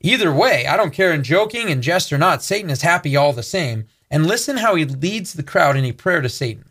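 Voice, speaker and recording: Man co-host, earnest, emphatic, slightly higher voice. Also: very animated, a little fast, a bit bright, slightly rough. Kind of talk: preaching commentary.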